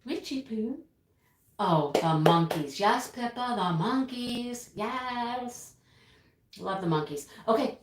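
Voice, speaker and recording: A woman's voice: fairly high pitch, animated, slow, reverberant, slight background noise. A woman in her sixties hosting a live stream, chatting casually and reminiscing with viewers, laughing often and breaking into bits of song. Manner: chatty, nostalgic, laughs often, sings snippets. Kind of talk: casual chat reading viewer comments.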